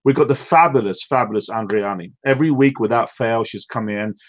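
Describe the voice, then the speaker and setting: A man's voice: medium pitch, fairly quick, dull audio. A man from the United Kingdom hosting a motivational online team call, effusive and full of praise, emotional and drained. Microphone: online call audio.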